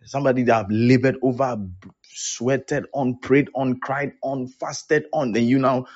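A man's voice: mid-range voice, level tone, measured pace, darkish tone, highs cut off. A man preaching as a pastor, acting out both sides of the conversations he recounts. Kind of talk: sermon.

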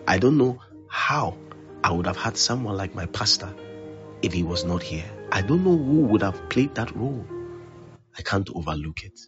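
A man preaching a sermon as pastor, repeating his phrases with force, then dropping to a hush. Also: fairly low pitch, animated, moderate pace, highs cut off, over music. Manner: emphatic preaching, repeats phrases, swings loud to hushed.

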